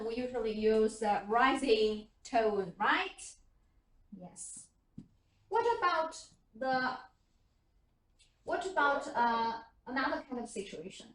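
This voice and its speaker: A woman's voice: high voice, fairly bright tone. A woman English teacher teaching a class. She asks question after question and demonstrates intonation. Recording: echoey room from far off.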